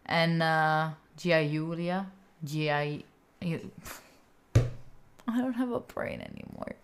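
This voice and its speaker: A woman's voice: sits low, expressive, takes it slowly, background noise. Italian woman chatting with live viewers. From Italy. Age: young adult. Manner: chatty, swears freely, reacts to chat. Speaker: livestream host. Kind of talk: casual chat with live viewers. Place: room at home.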